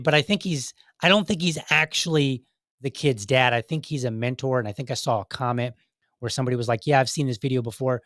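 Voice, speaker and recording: An earnest man in casual conversation, rambling through his points with frequent restarts and asides. His voice sits at a middle pitch, and the sound is close and dry with no room around it. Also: fairly bright tone, no room sound. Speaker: podcast host. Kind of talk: casual commentary on videos.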